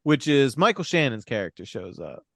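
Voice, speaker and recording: A man's voice: medium pitch, sing-song, normal speed, no room sound. A man co-hosting a podcast, wryly recapping a movie in casual, profane chat full of fillers. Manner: wry, profane storytelling with many fillers. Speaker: podcast co-host.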